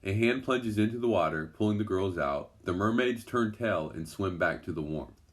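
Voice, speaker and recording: A man reading a children's adventure story aloud in a gentle, even storytelling manner. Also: sits low, moderate pace. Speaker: storybook narrator.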